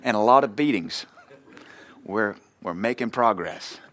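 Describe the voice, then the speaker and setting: With a lowish, fairly bright voice and lively intonation, a male pastor delivers his sermon at a measured pace. His preaching feels like conversation, punctuated by little dialogues he performs from daily life.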